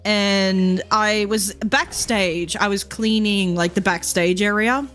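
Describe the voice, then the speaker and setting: A woman's voice: mid-range voice, fairly even intonation, slow, a bit bright, faint music behind. A woman, telling rambling stories in a casual chat with her viewers, swearing freely and laughing often. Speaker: VTuber streamer.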